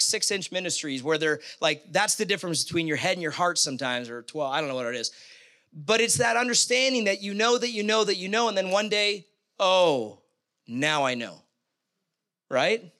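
A man preaching a sermon to his congregation in a conversational, animated way, with asides and questions to the room. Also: sits high, fast. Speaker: pastor.

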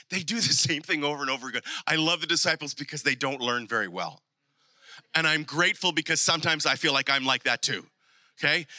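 A man preaching a sermon, rising into animated emphasis and dropping to soft, close appeals, with repeated rallying asides. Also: high-pitched, no echo. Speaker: pastor.

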